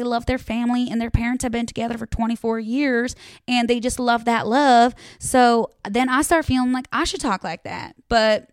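A woman's voice: fairly high pitch, fairly even intonation, normal speed, smooth, dry recording, studio quality. A young woman from the American Midwest, ranting bluntly and chattily to camera, with plenty of swearing. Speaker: vlogger. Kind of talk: casual rant to camera.

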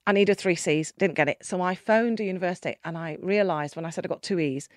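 A woman's voice: on the low side, no room sound, clean studio sound. Emphatic woman telling her story. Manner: emphatic, expressive, quick shifts between quiet and loud. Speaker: guest, keynote speaker. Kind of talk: candid personal storytelling in conversation.

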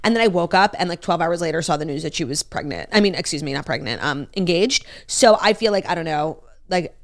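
A woman's voice: lowish voice, expressive, fairly quick. A woman co-hosting a podcast in casual chat, gushing and opinionated, swearing freely. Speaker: podcast co-host.

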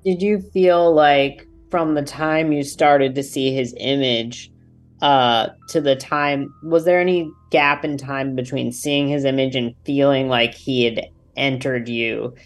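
A woman with a very deep voice asks the guest careful, probing questions about his experience. Faint music plays underneath. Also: measured pace. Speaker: co-host. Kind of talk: casual chat.

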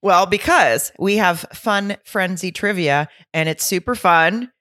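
A woman with a notably low voice chats loosely on a podcast. She rambles, restarts her sentences, and throws herself into retelling moments. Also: measured pace, a bit bright. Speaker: podcast co-host. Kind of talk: casual chat.

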